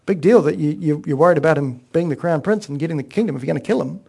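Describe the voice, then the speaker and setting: A man giving a sermon-style Bible exposition, earnest and explanatory, with frequent pauses. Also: fairly high pitch, vocal fry, warm tone, slightly rough. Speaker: Bible teacher.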